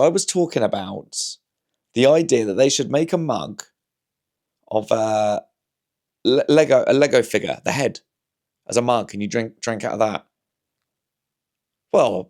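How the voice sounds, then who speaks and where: A man's voice: mid-range voice, a little mellow. Brief: man, comedian host, casual chatty monologue, mid-range voice, wry storyteller who spins out hypotheticals. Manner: wry, anecdotal, talks himself through hypotheticals with frequent restarts.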